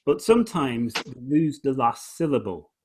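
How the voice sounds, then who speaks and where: A man's voice: medium pitch, big pitch swings, normal speed, darkish tone, a little hiss or hum. A man hosting a casual conversation, enthusiastically explaining poetry and often restarting his phrases. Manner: enthusiastic, explains by reading lines aloud and stressing beats. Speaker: host, musician.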